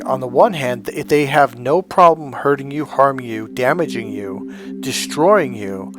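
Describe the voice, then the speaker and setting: A man giving a blunt, emphatic motivational monologue as a life coach, often acting out the voices he quotes. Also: medium pitch.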